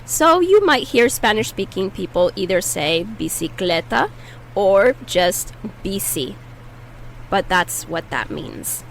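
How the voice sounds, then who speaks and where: A woman teaching a language lesson, patiently saying each word slowly and clearly so listeners can repeat after her. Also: mid-range voice, very animated, a little hiss or hum, low-quality recording. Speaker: Spanish teacher.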